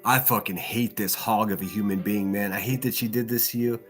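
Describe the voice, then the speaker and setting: A man's voice: fairly low pitch, fairly even intonation, brisk, faint music behind. A man hosting a livestream, ranting angrily with lots of swearing and repeated phrases. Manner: heated, profane, repeats himself. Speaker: livestream host. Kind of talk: angry ranting commentary.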